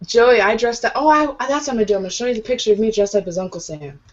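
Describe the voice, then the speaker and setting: A woman's voice: fairly high pitch, animated, racing. A woman co-hosting a podcast, telling stories in casual banter, swearing often and laughing. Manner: profane, laughing storyteller. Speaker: podcast co-host. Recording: dull lo-fi audio.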